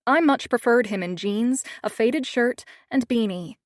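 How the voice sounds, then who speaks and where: A woman narrating a first-person audiobook with steady, measured storytelling. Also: a little high, no echo, studio quality.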